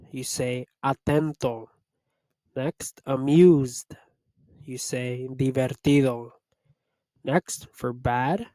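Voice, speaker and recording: Male tutor, very slow and measured delivery, dry close sound, mid pitch. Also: darkish tone, dry recording. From United States. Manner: slow, deliberate word-by-word drilling. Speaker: Spanish tutor. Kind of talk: slow vocabulary lesson.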